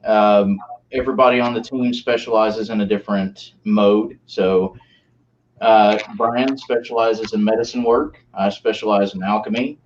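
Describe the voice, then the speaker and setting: A man on a paranormal team, describing their work in a casual, halting way with many fillers. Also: on the low side, fairly even intonation. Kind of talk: casual live-stream chat. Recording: dull lo-fi call audio.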